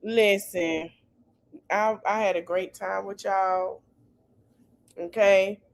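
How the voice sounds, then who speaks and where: Slow, easygoing woman co-host. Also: mid-range voice, fairly even intonation, creaky. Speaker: livestream co-host. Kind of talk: casual livestream talk.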